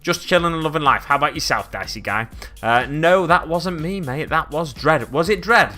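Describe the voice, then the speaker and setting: A man's voice: on the high side, animated, moderate pace, bright, forceful tone, faint music behind. A man chatting casually on a live stream at his hobby desk, reading the chat aloud and rambling along. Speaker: miniature-painting streamer.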